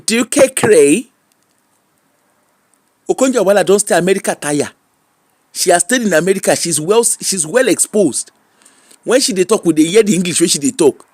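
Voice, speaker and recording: A Nigerian man delivering animated comic commentary while he streams, mixing in Pidgin. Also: high voice, normal speed, long pauses, husky, no room sound, studio quality. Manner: animated, mixes Pidgin and Yoruba.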